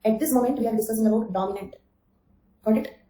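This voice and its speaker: Speaking fast in a fairly high voice with a dark tone, this female anthropology teacher coaches students for exams online. She repeats key phrases, asks "okay?" and names students directly, all in reverberant, poor-quality audio.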